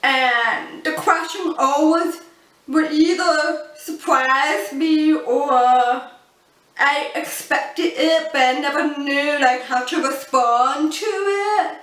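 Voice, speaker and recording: A young woman from the Boston area with a deaf speech pattern, telling personal stories to camera in a casual, thoughtful way with many pauses and fillers. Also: high-pitched, a bit bright. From Boston area, United States. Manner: slow, thoughtful storytelling with fillers. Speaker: vlogger. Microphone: built-in camera mic. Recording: echoey room, camera mic from a distance.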